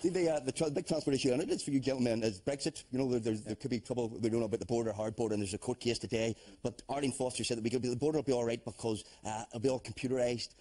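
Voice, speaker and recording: A man's voice: medium pitch, warm tone, slight background noise. A man hosting a comedy panel show, delivering scripted satirical jabs. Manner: dry, quick-jabbing satirical delivery.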